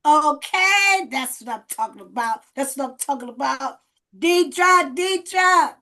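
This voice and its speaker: A woman's voice: sits high, expressive, takes it slowly, sharp tone. A woman hosting a group video call, energetically coaching and coaxing participants, repeating her phrases for emphasis. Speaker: host leading a group session.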